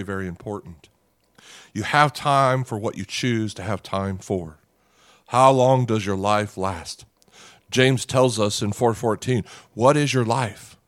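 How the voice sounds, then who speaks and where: A middle-aged man preaching with earnest, dramatic delivery. He slows down and lets pauses land for emphasis, and his voice sits in an ordinary middle pitch. The recording is dry and close. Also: no room sound. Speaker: pastor. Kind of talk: sermon.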